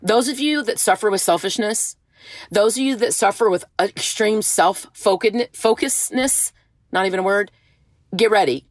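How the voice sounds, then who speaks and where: A woman's voice: mid-range voice, a little slow, dry recording. A woman giving an earnest, emotional devotional talk, reading scripture and urging her listeners on. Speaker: faith speaker.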